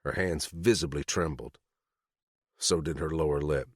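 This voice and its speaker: Audiobook narrator: a man, deep and expressive, in a dry, close booth. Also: normal speed, dry recording. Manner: dramatic, expressive reading. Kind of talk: scripted first-person audiobook narration.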